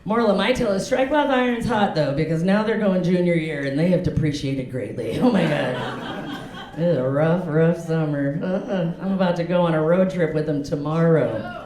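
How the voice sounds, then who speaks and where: A woman's voice: deep voice, a little fast. A woman in her forties doing a stand-up comedy set in a comedy club, talking frankly and laughing at her own jokes. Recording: echoey club with loud crowd. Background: audience laughter.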